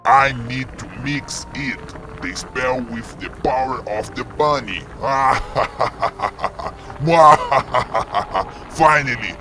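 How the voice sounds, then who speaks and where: A man voicing a gleeful scheming male villain in a fan-made game video, speaking slowly and theatrically with cackles. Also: medium pitch, loud music behind the voice. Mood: gloating.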